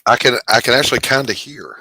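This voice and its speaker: A man in his sixties co-hosts a casual live stream, talking fast in a medium-pitched, expressive, pushed, bright and husky voice. He jokes, rambles, and reads viewer chat comments aloud, using headphones and a desk mic on a dry, rough recording.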